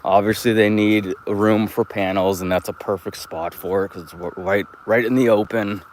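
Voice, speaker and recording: A man's voice: fairly low pitch, fairly even intonation, normal speed, slight background noise. A man in his thirties, talking casually and profanely as he walks outdoors, telling stories in a chatty, rambling way. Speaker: vlogger. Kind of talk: casual rambling walk-and-talk. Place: outdoors, walking around an open lot.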